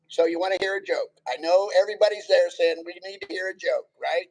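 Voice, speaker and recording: Husky gravelly man telling stories. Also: sits high, fast talker, few pauses, poor audio. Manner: laughs often while telling stories and jokes. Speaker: guest, Navy veteran. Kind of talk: casual storytelling chat. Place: outdoors by a campfire.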